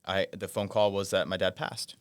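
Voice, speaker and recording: A man in his thirties, co-hosting a podcast, speaks in soft-spoken, storytelling chat with joking asides. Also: deep voice, level tone, moderate pace, no room sound, studio quality. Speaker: podcast co-host. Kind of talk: casual chat.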